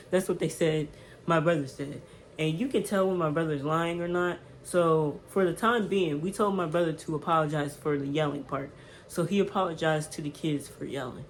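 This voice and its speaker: A woman vlogger telling a casual storytime, animated and emphatic, with slang and repeated words. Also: low-pitched, slight background noise, low-quality recording.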